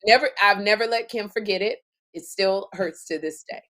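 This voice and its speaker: A woman's voice: medium pitch, moderate pace, sharp tone. A woman co-hosting a comedy talk show, telling a funny story and acting out scenes in exaggerated voices. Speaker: podcast co-host.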